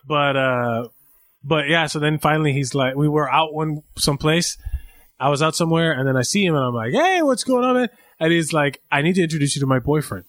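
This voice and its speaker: Casual podcast guy, a bit high-voiced, crude, acts out quotes, close dry mic. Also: brisk, fairly bright tone, dry recording. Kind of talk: casual chat, storytelling.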